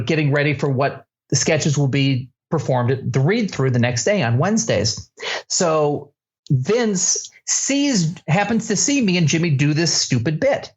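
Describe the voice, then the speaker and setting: A middle-aged man hosting a podcast, telling an anecdote with animated energy and laughing as he tells it. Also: a little high. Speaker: podcast co-host. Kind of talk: casual storytelling chat.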